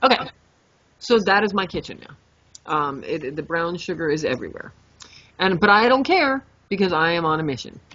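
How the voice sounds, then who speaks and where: A young adult woman co-hosting a podcast, telling a story in a lively, animated way, swearing freely and acting out her own reactions. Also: fairly low pitch, moderate pace, dry recording. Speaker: podcast co-host. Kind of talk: casual storytelling chat. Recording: dull lo-fi podcast mic.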